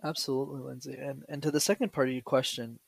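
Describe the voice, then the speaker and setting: A man speaking as a podcast guest, telling lively stories and acting out the voices of people he quotes. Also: mid-range voice, fast, creaky, husky, no room sound. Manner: animated storyteller who acts out quoted voices. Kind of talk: conversational podcast interview.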